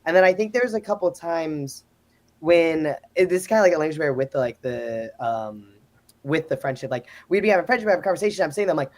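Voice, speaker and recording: A man's voice: on the high side, fast. A man on a live panel talking casually, telling stories and acting out what people said. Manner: animated storytelling, acts out quotes. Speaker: exchange student guest.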